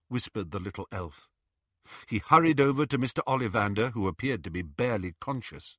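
A man narrating an audiobook in an expressive, measured way. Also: on the low side, no echo, studio quality.

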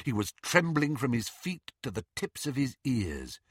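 A man narrating an audiobook in an expressive, measured way. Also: medium pitch, slightly rough, dry recording, clean studio sound.

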